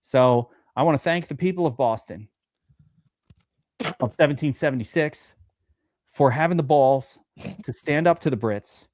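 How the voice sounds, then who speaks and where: A man talking fantasy sports on a casual podcast, animated and joking, swearing freely. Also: mid-range voice, moderate pace, long pauses, a little hiss or hum.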